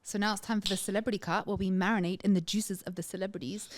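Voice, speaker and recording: A woman hosting a podcast in casual chat, chatty and quick to laugh at her own stories. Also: mid-range voice, fairly even intonation, a little hiss or hum. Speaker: podcast host.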